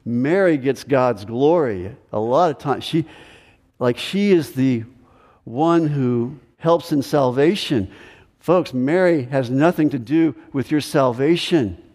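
A man's voice: mid-range voice, takes it slowly, darkish tone. A man preaching a sermon as pastor, emphatic, repeating key phrases for stress. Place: church sanctuary. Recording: echoey hall with long reverb.

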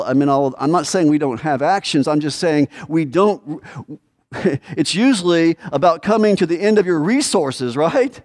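A male pastor preaching a conversational sermon to his congregation, asking the room rhetorical questions and acting out desperate pleas before dropping to quiet, low asides. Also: lively intonation, normal speed. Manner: swings between raised pleading lines and low quiet asides.

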